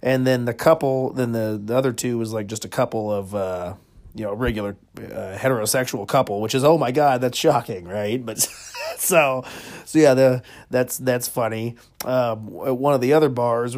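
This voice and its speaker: A comedy podcast host delivers a storytelling monologue, rambling along with frequent chuckles and lots of fillers. He has a medium-pitched, slightly mellow voice.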